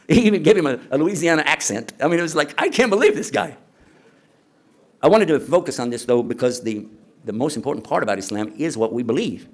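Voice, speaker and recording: A man's voice: mid-range voice, animated, fast. A man lecturing at a conference in a conversational way, asking the audience rhetorical questions. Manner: acts out quoted speakers. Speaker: Islamic lecturer.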